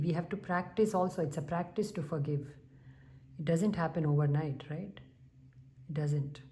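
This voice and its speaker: Calm low-voiced woman. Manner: calm, unhurried, with soft humming pauses. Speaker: tarot reader. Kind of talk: spiritual tarot reading to viewers.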